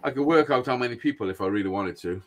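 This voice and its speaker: Very fast and fairly bright, this mid-range male voice has a slight hiss or hum. He's a middle-aged podcast co-host from Wales, laughing frequently as he spins a blunt story full of swearing in a relaxed storytelling chat.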